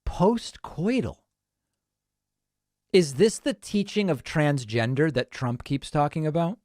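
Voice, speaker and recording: Sarcastic animated man in a dry studio. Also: on the high side, moderate pace, dry recording. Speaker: host reacting to a clip. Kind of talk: live commentary on a video clip.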